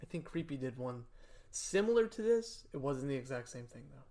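A man's voice: mid-range voice, big pitch swings, a little fast, mellow. Man hosting a casual podcast. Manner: loose, rambling, restarts often. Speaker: podcast host.

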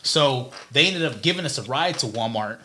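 A man's voice: mid-range voice, expressive, moderate pace, over a noisy crowd. A young man from Texas in casual chat, telling a long story and checking in with his listeners constantly.

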